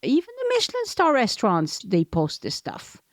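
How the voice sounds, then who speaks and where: A woman hosting a casual podcast interview, chatty and quick to laugh as she tells anecdotes. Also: a little high, huge pitch swings, dry recording. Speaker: podcast host.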